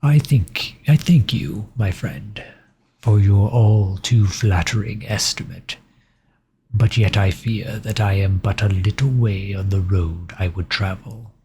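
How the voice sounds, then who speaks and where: A man voicing a courteous old aristocratic male vampire count, in whispered role-play with soft, measured, formal speech. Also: fairly low pitch, a little hiss or hum. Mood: courtly, ominous.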